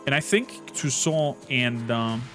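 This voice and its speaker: A man's voice: mid-range voice, slow pace. A man streaming a game, chatting casually and rambling through a recap. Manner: rambling, chatty, with frequent fillers. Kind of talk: casual gameplay commentary. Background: faint game music.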